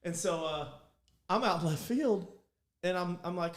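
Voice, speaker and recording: A man, co-hosting a podcast and telling rambling, animated stories. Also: high-pitched, measured pace. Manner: rambling, animated storyteller with restarts. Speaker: podcast co-host. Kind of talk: casual storytelling chat.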